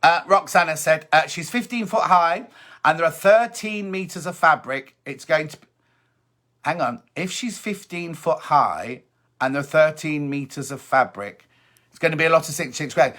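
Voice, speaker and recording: A man's sharp-toned voice, on the high side and at a moderate pace, leads a sewing live stream from his home. He's chatty and positive, reads comments from viewers aloud, and tends to repeat points.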